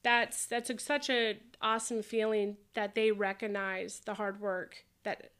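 A middle-aged woman, a roller derby skater, chatting as a podcast guest and telling animated stories. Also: mid-range voice, unhurried, clear, resonant tone. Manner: animated storyteller, acts out quoted voices. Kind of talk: casual interview chat.

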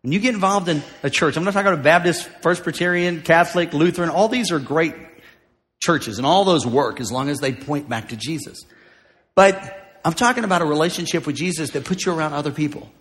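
A man preaching a sermon as pastor, moving from joking asides to shouted declarations. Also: on the high side, fairly quick. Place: large church auditorium. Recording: live in a large hall with music behind.

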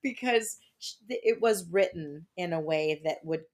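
A woman's voice: on the low side, normal speed, darkish tone. A woman co-hosting a podcast at home, chatty and rambling, laughing often. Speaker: podcast co-host. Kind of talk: casual chat. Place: home by a fireplace.

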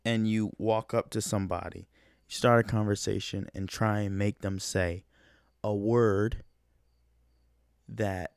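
Podcast host, young man, low voice, dry close sound, easygoing rambling delivery. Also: fairly even intonation, a little slow, gravelly, long pauses, clear, resonant tone, no room sound. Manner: rambling, loose and conversational with frequent fillers. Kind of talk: casual solo podcast chat.

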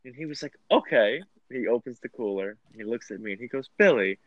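A young man in casual chat, teasing friends and telling an excitable story. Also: mid-range voice, rapid-fire, no echo, highs cut off.

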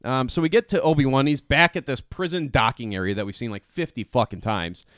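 A young man co-hosting a podcast, excitedly recapping an episode, swearing and laughing often. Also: mid-range voice, fairly quick, no echo, clean studio sound. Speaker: podcast co-host. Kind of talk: casual chat.

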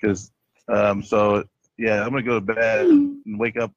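A man hosting a jokey podcast chat, delivering bits with a deadpan tone. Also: fairly low pitch, a little slow, no echo. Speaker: host. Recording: dry, dull lo-fi sound.

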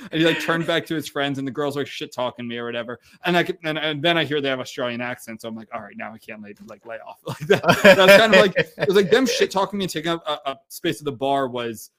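Swearing, animated man telling a story. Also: a little high, fast, hardly any pauses. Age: 30s. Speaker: podcast co-host. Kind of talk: casual storytelling chat.

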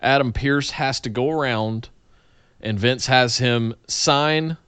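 A man eagerly joining a casual wrestling chat on a podcast. His voice is bright and smooth. The sound is dry and close. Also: medium pitch, slow, no room sound. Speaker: podcast co-host.

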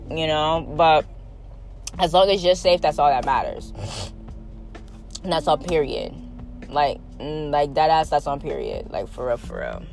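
A woman's voice: sits low, darkish tone. A woman hosting a casual solo podcast, talking bluntly with lots of slang, swearing and rambling asides to her listeners. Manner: frequent filler questions to listeners. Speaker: podcast host.

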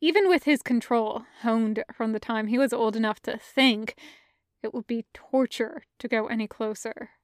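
A woman narrating a fan fiction audiobook with a measured, careful reading. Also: on the high side, no room sound, studio quality. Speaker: podfic reader.

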